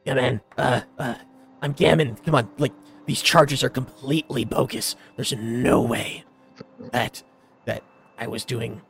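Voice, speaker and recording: A man voicing a gruff male prisoner who begs and stammers in a hushed voice. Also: mid-range voice. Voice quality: gruff, gravelly.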